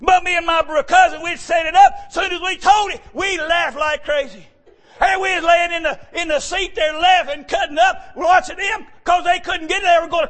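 Man preaching folksy jokes from the pulpit, animated, breaks into shouts, high-pitched. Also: normal speed, a faint crowd. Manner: animated, often shouting, joking. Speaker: church speaker. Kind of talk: folksy joking sermon.

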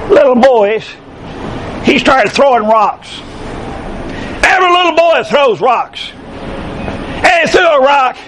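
A middle-aged man preaching a sermon, with impassioned delivery that swells into shouted emphasis. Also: very high-pitched, slight background noise, rough recording.

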